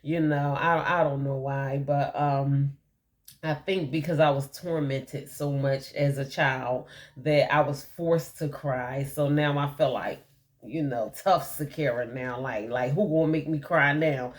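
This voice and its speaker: A woman's voice: a bass voice, unhurried. A woman telling her personal testimony in a candid, rambling way, with many fillers and frequent laughs. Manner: laughs often while telling her story. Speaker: motivational speaker.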